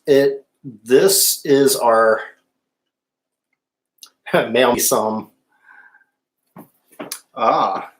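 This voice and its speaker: A fairly low-pitched male voice rings out in an echoey room. He's the host of a relaxed cooking live stream, chatty with viewers, and he hums mid-taste.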